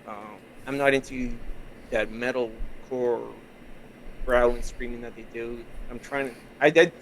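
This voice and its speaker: A man's voice: mid-range voice, steady tone, unhurried, fairly bright tone, a little hiss or hum, low-quality recording. A man from Canada with a Canadian accent, a podcast guest chatting casually and rambling easily through his stories over a remote call mic. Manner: easygoing, rambling storyteller. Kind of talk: casual interview chat.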